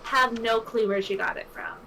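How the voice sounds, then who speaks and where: A woman's voice: a little high, fairly even intonation, moderate pace, bright, forceful tone, slight background noise, rough recording. A young Canadian woman with a Canadian accent, chatting casually and rambling with lots of fillers while a game is played. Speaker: guest co-commentator. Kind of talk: casual chat over gameplay. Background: game music.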